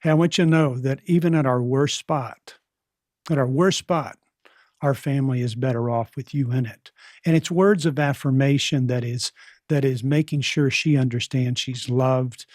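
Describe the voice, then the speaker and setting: A man's voice: mid-range voice, normal speed, a little mellow, no room sound, clean studio sound. Earnest man giving parenting advice. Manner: earnest, direct, asks pointed questions. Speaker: parenting counselor, guest. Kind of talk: advice in a podcast conversation.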